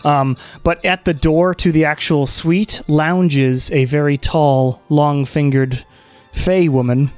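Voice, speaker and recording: A man running a tabletop game as game master, narrating in an unhurried way with many fillers. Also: on the high side, fairly even intonation, clean tone, no echo, soft background music.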